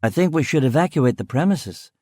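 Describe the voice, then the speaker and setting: A man's voice: a little high, lively intonation, fairly quick, mellow, no room sound, studio quality, voice pushed up. A man voicing an anxious young male factory worker who speaks urgently and breathlessly.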